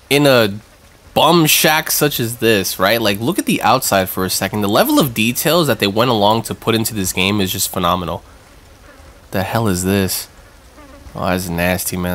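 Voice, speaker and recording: A man hosting a gaming channel, giving excitable let's-play commentary with swearing and jumpy reactions. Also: on the low side.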